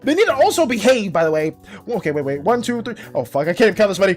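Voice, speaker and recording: A woman art streamer chatting casually on a live stream, excitable, laughing often and swearing. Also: medium pitch, racing, soft background music.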